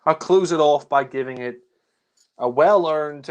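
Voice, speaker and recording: A man's voice: on the high side, measured pace, clear, resonant tone. A young man ranting in exasperation about a film he hates, swearing often in a casual review chat.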